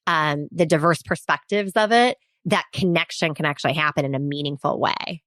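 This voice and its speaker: A woman CEO speaking as a podcast guest, animated, laughing easily and acting out quoted voices. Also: deep voice, moderate pace, no echo. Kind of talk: conversational interview.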